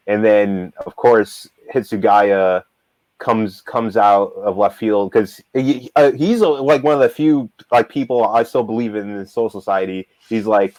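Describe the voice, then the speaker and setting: A man's voice: on the low side, little pitch movement, measured pace, darkish tone, no echo, muffled recording. A man co-hosting a casual talk show, rambling animatedly with lots of fillers and restarts. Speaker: manga reader and show co-host. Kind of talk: casual discussion.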